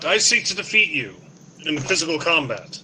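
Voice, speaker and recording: A man plays his hero in a tabletop game with earnest, mock-heroic speeches. His voice is very bright and sits a little high. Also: very animated, normal speed, slight background noise, poor audio. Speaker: player. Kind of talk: tabletop role-play.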